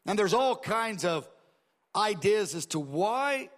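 A man with a notably high speaking voice preaches in an easy, explanatory way, shifting between teaching and acted-out asides. His voice trails off into a long reverb, as in a church sanctuary. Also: sing-song, takes it slowly, a bit bright. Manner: conversational expository preaching with dramatized asides. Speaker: pastor. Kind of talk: sermon.

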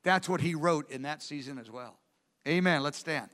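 A man preaching a sermon in a church, passionate and animated, acting out the voices he quotes. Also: on the high side, normal speed. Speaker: pastor. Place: large church hall. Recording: reverberant church hall with music. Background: guitar worship music.

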